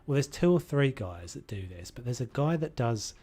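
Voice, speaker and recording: This UK gaming streamer has a mid-range, mellow, husky voice and speaks at a normal speed with lots of animation. He rambles chattily to his viewers as he plays.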